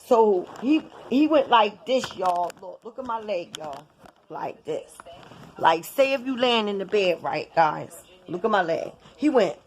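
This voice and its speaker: A woman at an ordinary middle pitch, chatting straight to her viewers in a loose storytime. She swears freely and circles back over the same phrases for emphasis. Her delivery stays animated and casual throughout. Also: measured pace. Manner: animated, profane, addresses viewers directly with lots of repetition. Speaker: vlogger telling a personal story.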